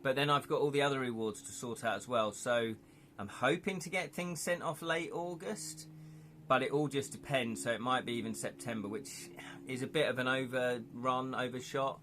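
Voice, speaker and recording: A man's voice: medium pitch, moderate pace, a bit bright, slight background noise. Chatty man chatting on a live stream. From United Kingdom. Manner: chatty, rambling, reads out viewer comments. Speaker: streamer and illustrator. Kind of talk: casual live-stream chat.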